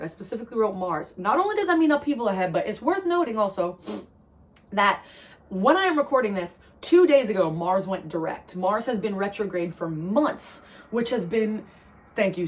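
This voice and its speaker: Emphatic woman giving a tarot reading. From New Jersey. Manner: emphatic, repeats phrases, swings high with excitement. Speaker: tarot reader. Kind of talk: channeled tarot reading to camera.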